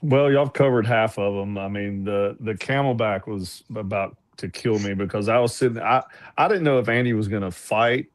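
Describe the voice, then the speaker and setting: A man's voice: fairly low pitch, moderate pace, dry recording. A man chatting loosely about funny moments from a climb, rambling a little. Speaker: climb team member. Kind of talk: casual chat.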